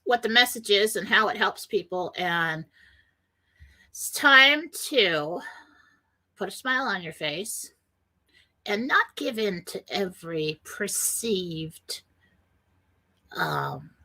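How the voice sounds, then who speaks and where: A woman's voice: medium pitch, huge pitch swings, slow pace, pauses often, pushed and bright. A middle-aged woman hosting a spiritual self-help radio talk, speaking earnestly and rambling a little, sometimes acting out panicked voices. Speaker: radio show host.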